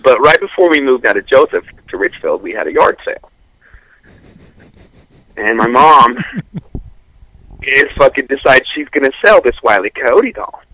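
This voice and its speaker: A man's voice: medium pitch, no echo, low-quality recording. A man telling a crude comic story on a radio show, cursing often and laughing as he goes. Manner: profane, animated, laughing through the story.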